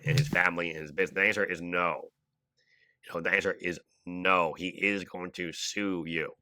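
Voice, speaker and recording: A man speaking in a measured, pointed way in a podcast clip. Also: sits low, steady tone, sharp tone, no echo. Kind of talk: podcast talk.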